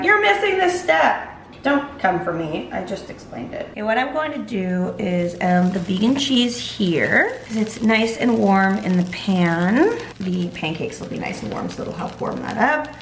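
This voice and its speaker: A woman talks her viewers through a recipe in a relaxed, chatty way, like she's cooking alongside them. Her voice sits at a middle pitch. It bounces around a roomy home kitchen with a faint hiss underneath. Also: moderate pace, hardly any pauses. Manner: chatty, explains steps as she cooks. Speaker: vlog host. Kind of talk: casual cooking vlog chat.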